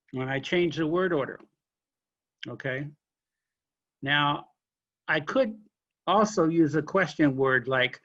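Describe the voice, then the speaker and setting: A man lecturing a linguistics class, explaining question forms slowly with examples and apologizing for being unclear. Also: on the high side, expressive, a bit bright, dull audio. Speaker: linguistics instructor.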